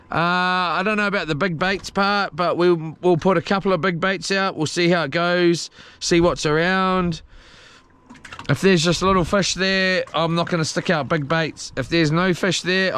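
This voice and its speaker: A man's voice: high-pitched, fairly bright tone, smooth. A man chatting to himself while tidying his boat on a live stream, rambling and swearing as he goes. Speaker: solo boat vlogger. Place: small houseboat on the water.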